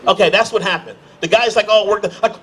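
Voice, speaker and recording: High-voiced American man doing stand-up. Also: a bit bright, a little hiss or hum. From United States. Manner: storytelling, acts out characters in quick voices. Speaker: stand-up comedian. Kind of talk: stand-up comedy set. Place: comedy stage.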